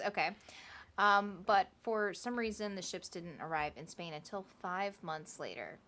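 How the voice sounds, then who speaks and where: A woman's voice: on the low side, lively intonation, unhurried, fairly bright tone. A woman co-hosting a podcast, telling a history story in a casual, chatty way with laughing asides. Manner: chatty, laughing asides and playful quoted voices.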